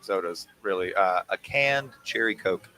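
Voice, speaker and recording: A man hosting a casual livestream chat, teasing his guest in an animated way. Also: low-pitched, measured pace. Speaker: host.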